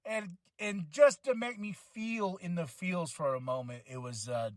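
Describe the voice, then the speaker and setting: Excitable high-voiced man reviewing wrestling. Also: unhurried, no room sound. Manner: rambling, excitable, swears freely, acts out his own reactions. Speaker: podcast host. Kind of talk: casual wrestling event review.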